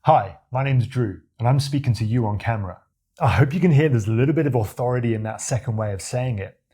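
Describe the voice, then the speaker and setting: A man from Australia with a deep voice, coaching viewers on confident speaking in a demonstrative, animated way. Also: breathy edge. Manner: demonstrative, animated, acts out examples with his voice. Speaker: communication coach. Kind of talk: talking-head tutorial to camera.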